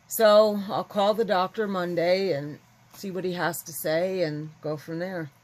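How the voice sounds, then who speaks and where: Chatty low-voiced woman. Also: steady tone, a little slow, darkish tone, poor audio. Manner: chatty, rambling and candid. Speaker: vlogger. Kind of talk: casual chat to camera.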